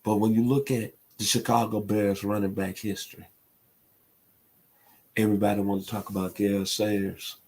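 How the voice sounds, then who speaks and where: This middle-aged man from Memphis, Tennessee, hosts a sports talk radio show, delivering an impassioned, emphatic monologue that builds to loud peaks. His voice is gravelly and fairly low, with a level tone and a moderate pace.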